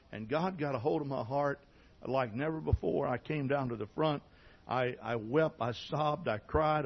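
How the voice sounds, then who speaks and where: A man preaching a sermon, telling his conversion story in a folksy way, often clearing his throat and restarting sentences. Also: mid-range voice, dull audio. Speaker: pastor. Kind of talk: sermon testimony.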